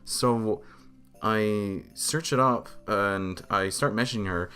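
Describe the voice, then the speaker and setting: A young man co-hosting a podcast, telling a story in animated, swear-heavy casual chat. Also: lowish voice, takes it slowly. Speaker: podcast co-host.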